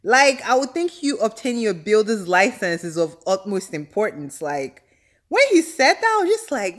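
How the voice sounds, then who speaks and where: A young adult woman giving a casual reality TV recap, animated, exasperated and full of slang. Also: medium pitch, normal speed.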